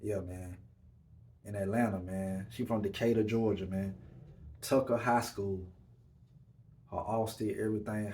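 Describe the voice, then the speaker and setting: A man's voice: mid-range voice, a little mellow. A man hosting a podcast, talking in a loose, laid-back monologue and tagging nearly every line with "man". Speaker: podcast host. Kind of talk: casual monologue. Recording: echoey room.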